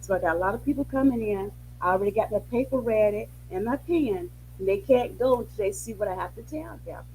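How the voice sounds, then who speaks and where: Woman sharing her testimony on a call, soft and hesitant, lots of ums, faint hum behind. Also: mid-range voice, lively intonation, fast, hardly any pauses, low-quality recording. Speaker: caller giving a testimony.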